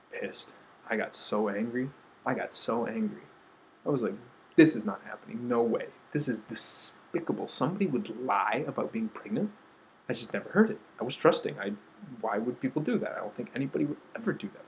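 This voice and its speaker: A man earnestly telling a personal story, acting out quotes and trailing off into soft asides. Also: on the low side, slight background noise, low-quality recording. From United States. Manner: earnest, quoting others with shifts of voice, trailing off softly.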